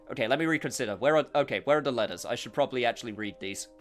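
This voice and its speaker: A man streaming a video game, talking casually, excitable and flustered, swearing a lot. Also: medium pitch, rapid-fire, hardly any pauses, soft background music. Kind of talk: casual gameplay commentary.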